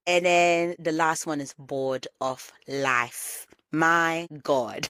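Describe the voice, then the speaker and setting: A woman's voice: sits low, unhurried, few pauses, fairly bright tone, clear, resonant tone, no room sound. A woman in her thirties hosting a solo podcast, reflecting candidly and repeating phrases for emphasis. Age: 30s. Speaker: podcast host.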